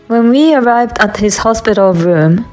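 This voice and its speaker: Female narrator, scripted first-person storytelling, even and steady, light music bed. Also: on the high side, moderate pace. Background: faint background music.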